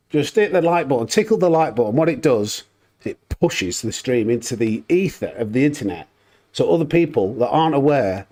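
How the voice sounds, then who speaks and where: A man streaming sim racing, casually greeting viewers by name in quick bursts and joking about himself. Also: mid-range voice, darkish tone. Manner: upbeat, greets chat names in quick bursts, self-mocking. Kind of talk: casual live-stream chat.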